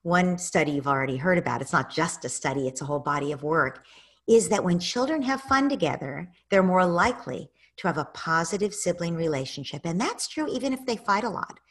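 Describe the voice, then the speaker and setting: A woman giving an online parenting masterclass, lively, acting out what parents might say in a raised voice. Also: on the low side, fairly quick. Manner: animated, acts out parent quotes in a raised voice. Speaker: parenting educator.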